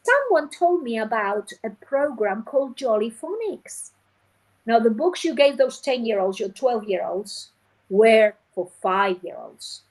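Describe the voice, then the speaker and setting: A woman phonics teacher trainer, a guest on a show, explaining her methods in a lively way and acting out classroom scenes. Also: fairly high pitch, a little slow, low-quality recording. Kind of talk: animated teaching talk.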